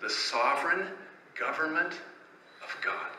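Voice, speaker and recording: A man's voice: medium pitch, expressive, measured pace, bright, forceful tone, a little hiss or hum. A man preaching a sermon as pastor, telling stories and asking rhetorical questions in a conversational way. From Canada. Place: church sanctuary. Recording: echoey church room, faint ambience.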